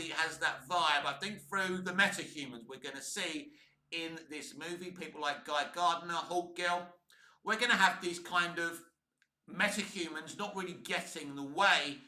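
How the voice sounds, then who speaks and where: Bright high-voiced male show host. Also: echoey room. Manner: chatty and animated, playful asides. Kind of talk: casual movie news commentary.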